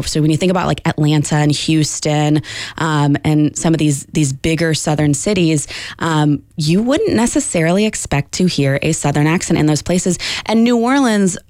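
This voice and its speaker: Low-voiced woman linguistics professor explaining. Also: a little mellow, no echo, studio quality. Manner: explanatory, measured, with frequent ums. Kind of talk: radio interview answers.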